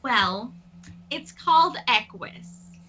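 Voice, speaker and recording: A woman playing a doting, pushy middle-aged stage mother in an improvised tabletop role-play, cooing and smothering in a slow drawl. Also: a little high, expressive, heavy background noise, pitched below the performer's own voice.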